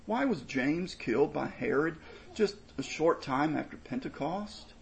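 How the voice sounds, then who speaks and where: A man with a slightly raised, gravelly voice delivers a sermon from the pulpit. He explains scripture earnestly and drives his points home by repeating them with emphasis. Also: a little high, expressive, a little slow, poor audio. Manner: earnest expository preaching, emphatic and repetitive. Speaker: pastor.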